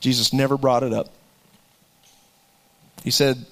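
A man, a pastor, preaching a folksy, animated sermon, joking now and then and repeating words as he goes. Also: fairly high pitch, moderate pace.

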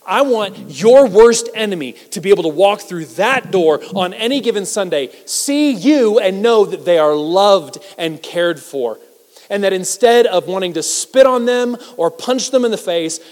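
A man preaching a sermon as pastor, talking conversationally and self-deprecatingly, swinging between loud emphasis and hushed asides. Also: high-pitched. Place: church sanctuary. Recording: reverberant church hall.

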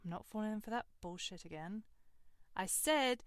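A woman's voice: mid-range voice, normal speed, clean tone, no room sound, clean studio sound. A young woman hosting a storytelling monologue, candid and sardonic, swearing freely. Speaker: host.

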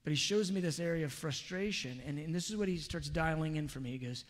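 A man preaching a sermon, telling a personal story in an earnest, confessional way with soft asides. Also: a little high, fast talker, big-room sound. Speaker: pastor.

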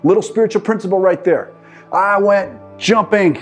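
A middle-aged man preaching a sermon with passion, swinging from loud, urging calls to hushed, intense storytelling. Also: high-pitched, normal speed, faint music behind. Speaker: pastor.

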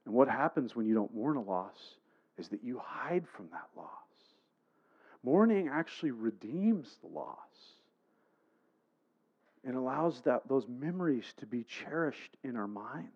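A man's voice: medium pitch, very animated, unhurried, a little mellow, breathy edge, lo-fi sound. A man preaching a sermon, telling a personal story in a conversational way and putting questions to the congregation. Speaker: pastor.

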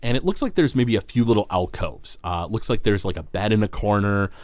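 A man's voice: lowish voice, a little fast, darkish tone, no echo. A man running a tabletop game as game master, narrating scenes with many filler words. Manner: rambling, full of filler words.

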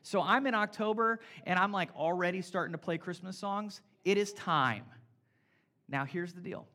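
Bright-voiced energetic male pastor. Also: high voice, normal speed. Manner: energetic, playful, talks straight to the congregation. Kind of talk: conversational sermon.

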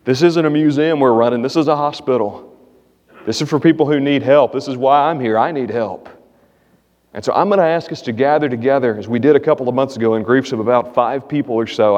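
A man preaching a sermon as pastor, earnest, lifting his voice when he reads scripture aloud. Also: darkish tone. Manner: earnest preaching, rises in pitch reading scripture. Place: church sanctuary. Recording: echoey hall, muffled sound.

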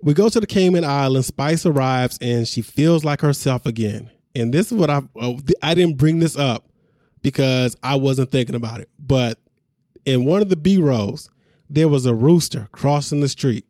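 A man's voice: medium pitch, normal speed, dark tone, no echo, clean studio sound. Laid-back man recapping a show. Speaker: podcast co-host recapping a reality show. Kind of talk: casual chat.

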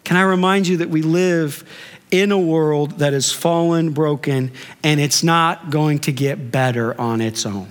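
A man pastor preaching a sermon in a conversational way, with rhetorical questions and drawn-out emphasis. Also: fairly high pitch, smooth. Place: church sanctuary. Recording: long church reverb.

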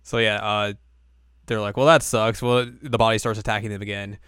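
Laid-back man recapping an anime, smooth voice. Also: on the low side, little pitch movement, fairly bright tone, dry recording, studio quality. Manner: laid-back, joking, acts out characters in quick asides. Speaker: podcast co-host. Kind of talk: casual anime recap chat.

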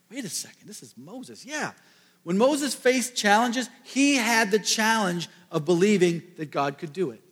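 A male pastor preaches in an animated, storytelling way, slipping in jokey asides. His voice sits a little high for a man. The sound carries a long hall reverb. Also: measured pace. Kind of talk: sermon.

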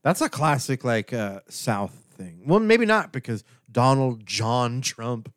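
A man's voice: mid-range voice, takes it slowly, dry recording, clean studio sound. A man co-hosting a podcast, teasing and joking with his partner in a playful way. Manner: playful, teasing, lively delivery. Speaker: podcast co-host. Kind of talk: casual chat.

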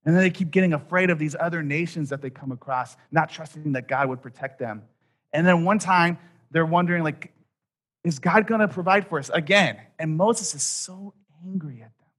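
A man in his thirties preaching a sermon, telling a story with quoted voices and dropping soft at key points. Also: fairly high pitch, a little fast. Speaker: pastor.

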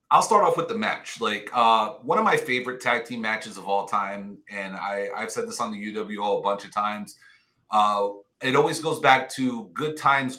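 Male co-host, low bright voice, knowledgeable fan recalling matches. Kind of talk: casual wrestling chat.

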